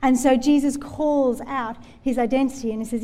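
A woman's voice: sits high, fairly even intonation, normal speed, few pauses, dark tone. A woman preaching a sermon in a church, telling Bible stories in an earnest, conversational way. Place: church hall. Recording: long hall reverb.

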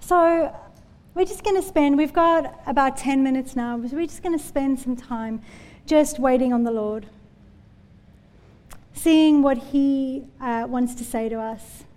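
In a church hall with a long, echoing reverb, a woman with a high, warm voice preaches a sermon. She tells Bible stories in an earnest, conversational manner.

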